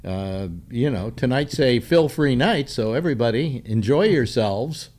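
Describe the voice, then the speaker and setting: A man hosting a casual political talk show, rambling with many halting restarts. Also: medium pitch, animated, a little mellow.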